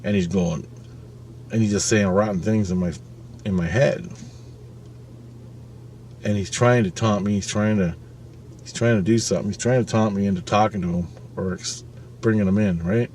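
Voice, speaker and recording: A man's voice: lowish voice, steady tone, moderate pace, pauses often, a little mellow, slight background noise. Rambling, profane male storyteller. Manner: rambling, profane, with frequent "right?" asides. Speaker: vlogger. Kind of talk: casual storytelling.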